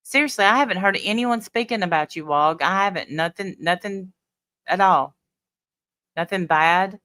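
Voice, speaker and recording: A woman's voice: fairly low pitch, normal speed, bright, forceful tone, no echo. A woman hosting a casual livestream, chatting bluntly and talking back to her viewers' comments. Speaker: livestream host. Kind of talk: casual live chat reading comments.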